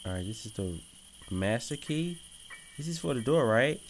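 A man hosting a gaming channel, giving casual, slangy commentary on a mobile horror game, swinging from low mumbling to sudden shouts. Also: lively intonation, moderate pace, slight background noise. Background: background game music.

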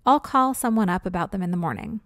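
A woman's voice: mid-range voice, animated, quick pace, no echo, natural voice. Distracted father, brushes things off, read by a woman; dry. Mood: dismissive.

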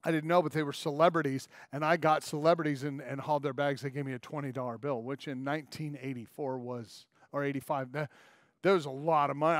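A man's voice: fairly high pitch, fast, no room sound, studio quality. A man in his forties preaching a sermon as pastor, telling stories and acting out quoted lines in little character voices.

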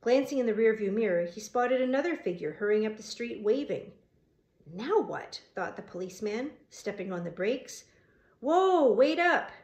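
A woman reading a novel aloud as an audiobook narrator, steady and even, fixing small slips as she goes. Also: mid-range voice, fairly quick, few pauses. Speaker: audiobook reader. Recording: roomy echo.

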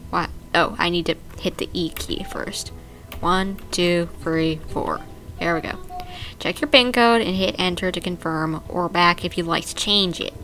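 A young woman with a lowish, sharp voice plays a video game and comments playfully at a moderate pace, reading the on-screen text aloud in a casual let's-play style. Faint music can be heard in the background.

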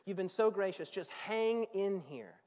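A man preaching a sermon in a large auditorium, with animated, dramatic storytelling. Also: high voice, measured pace. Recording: long reverb of a large hall.

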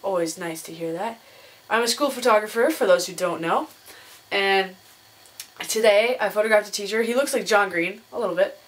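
A young woman vlogging casually to her camera, chatty and laughing often as she tells stories. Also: moderate pace. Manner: chatty, laughs often, mimics others in a higher voice. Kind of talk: casual chat.

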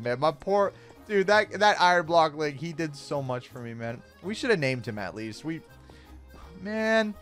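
Excitable young man, gaming commentary. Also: fairly high pitch, a little slow. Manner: excitable, gasps and shouts at surprises. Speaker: gaming YouTuber host. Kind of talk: Minecraft let's-play commentary. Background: faint background music.

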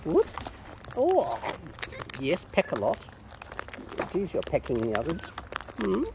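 A man talking to birds in a playful, coaxing way, his pitch leaping up and down wildly. He speaks slowly and leisurely. The recording carries loud outdoor noise, with birds and rustling behind him. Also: big pitch swings, creaky. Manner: playful, coaxing sing-song chatter to birds. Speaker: bird-feeding vlogger. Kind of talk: casual talk to birds while filming. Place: outdoors in a yard, feeding wild birds.

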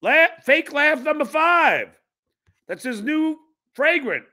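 A man hosting a podcast, mocking a clip he is playing with sarcastic, jeering remarks and loud outbursts. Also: very high-pitched, sing-song, takes it slowly. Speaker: podcast host. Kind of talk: mocking live commentary over a clip.

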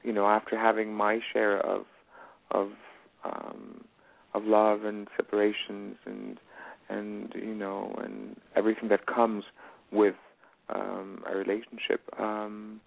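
A man's voice: lowish voice, monotone, takes it slowly, vocal fry, no echo, poor audio. A man in his late twenties, a guest singer in a casual radio interview, talking hesitantly with many fillers and restarts.

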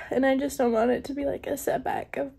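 With little movement in her high, gravelly voice, a young woman rambles at a moderate pace through casual vlog talk. She leans heavily on fillers like "like" and "um," and she comes across as shaken and upset.

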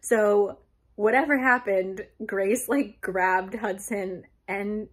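A woman's voice: mid-range voice, slow pace, husky. A young woman chatting casually as she recaps a novel, swearing and laughing often. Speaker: book youtuber.

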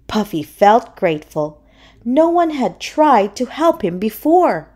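Woman reading a kids book aloud, slow and singsongy, kinda high voice. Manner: slow, expressive storytelling. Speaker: storybook reader. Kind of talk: children's read-aloud narration.

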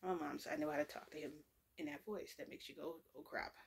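A woman's voice: deep voice, fairly even intonation, fast talker, slightly rough. A woman telling a long story in a casual, rambling way, full of asides and self-corrections. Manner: rambling and chatty, with lots of fillers and self-corrections.

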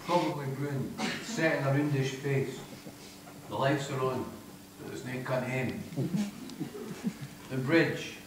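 His voice a little high, a middle-aged man with a Scottish accent performs a live stage reading of his own crude comic first-person fiction. The delivery is broad, sweary and wry in dialect, recorded from a distance in an echoey theatre with slight background noise.

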